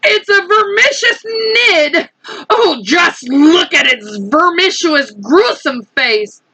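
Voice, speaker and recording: A woman's voice: high-pitched, sing-song, slow, vocal fry, dry recording, pitched above the performer's own voice, exaggerated voice, poor audio. A woman voicing a blustering male chief of police in a storybook, barking orders. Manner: bossy, shouting orders.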